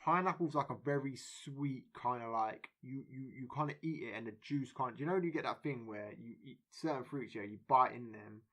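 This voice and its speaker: A man co-hosting a casual podcast, teasing his friend. His tone is bright and forward. He explains himself in quick bursts. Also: medium pitch. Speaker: podcast co-host.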